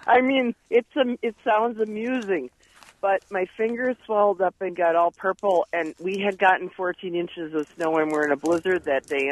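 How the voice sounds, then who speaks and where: A man calling in to a radio show, telling an animated story with laughs, heard over the telephone. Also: a little high, no room sound. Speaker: caller. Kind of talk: call-in story. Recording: tinny phone line.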